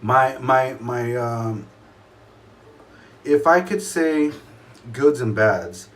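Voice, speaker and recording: A man talking casually to camera about his shave in a room at home, rambling and halting with many fillers and restarts. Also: medium pitch. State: a little choked up. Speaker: shaving vlogger.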